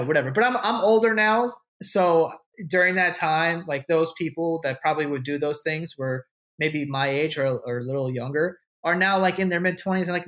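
This young man speaks with a fairly high, fairly bright voice. As a podcast guest, he tells stories in a casual interview, swearing freely and acting out what other people said.

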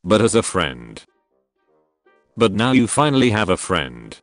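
Lively low-voiced man reading meme captions. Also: dry recording, soft background music. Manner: brisk caption-by-caption reading, quick jumps between jokes. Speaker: meme compilation narrator.

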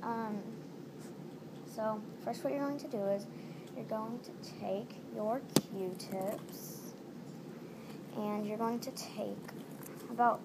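Speaking slowly and pausing often, a woman with a slightly high, fairly level voice chats her way through a home DIY craft project. She restates every step along the way, and background noise fills the recording.

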